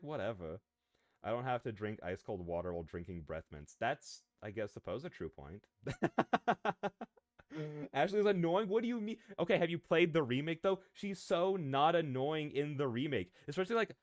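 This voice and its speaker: Male VTuber streamer, mid-pitched, rambling and excitable, dry close sound. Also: no echo. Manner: rambling and excitable, prone to tangents and laughter. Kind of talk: casual live-stream chat, answering viewers.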